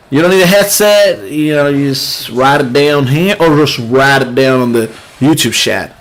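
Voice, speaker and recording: During his gaming livestream, a young host talks casually with viewers over live gameplay, laughing frequently and leaving sentences unfinished to start again. He speaks at medium pitch and a moderate pace with few pauses.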